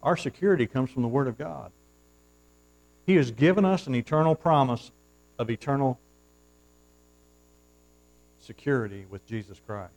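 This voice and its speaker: A male pastor preaching a sermon from the pulpit, swinging from hushed asides to loud, fervent surges and reading scripture in formal old-fashioned wording. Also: mid-range voice, animated, moderate pace, vocal fry, pauses often, low-quality recording. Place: church, at the pulpit.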